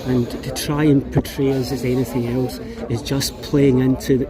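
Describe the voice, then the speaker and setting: A man's voice: medium pitch, level tone, moderate pace. A man at a street protest arguing earnestly and insistently, often restarting his sentences. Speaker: counter-protester. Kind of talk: heated street argument. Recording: outdoor street with crowd noise. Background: crowd noise.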